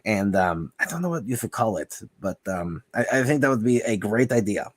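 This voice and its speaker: A man offers rambling advice in a casual stream chat, stopping often to hunt for words and reading bits of search results aloud. His voice sits a little low. The recording is dry, with no room sound. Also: animated, normal speed, dry recording. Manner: rambling, hesitant, full of fillers, reads search results aloud. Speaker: guest giving advice.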